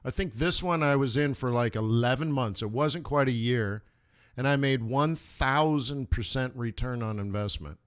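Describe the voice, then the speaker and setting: A man's voice: medium pitch, moderate pace, clear, resonant tone. A man hosting a live forex trading stream, talking casually through his charts with jokes and lots of fillers. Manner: rambling, joking, many fillers.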